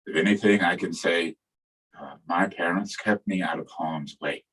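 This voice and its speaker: Husky older man giving a dharma talk. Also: low-pitched, normal speed, poor audio. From New York. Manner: reflective, storytelling, gentle humor. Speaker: Buddhist teacher.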